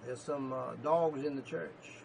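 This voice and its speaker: Gravelly-voiced man preaching with loud peaks. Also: medium pitch, fairly even intonation, a little slow, slight background noise, low-quality recording. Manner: emphatic preaching with repetitions and sudden loud peaks. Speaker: pastor. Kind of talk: sermon.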